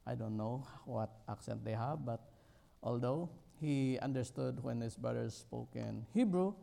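Gravelly middle-aged man preaching haltingly. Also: mid-range voice, warm tone. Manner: halting, with many fillers and restarts, rising emphatically on key words. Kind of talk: sermon.

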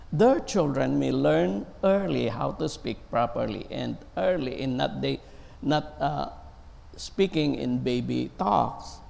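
Slow gravelly male preacher in a hall. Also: mid-range voice, a little mellow. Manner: slow, halting delivery with many fillers. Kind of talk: sermon.

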